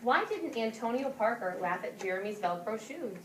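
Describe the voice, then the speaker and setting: Lady teacher reading a picture book out loud to kids, lively when she does the characters, mic far off in a roomy classroom. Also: on the high side, moderate pace, slight background noise. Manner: animated storybook reading with voiced characters. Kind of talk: classroom lesson with read-aloud.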